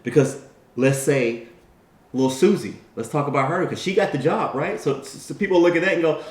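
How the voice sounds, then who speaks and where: A man with a higher-leaning voice gives a motivational talk at a moderate pace, and the sound is roomy. Telling his story conversationally, he animatedly acts out the people in it, with frequent "right?" and "you know."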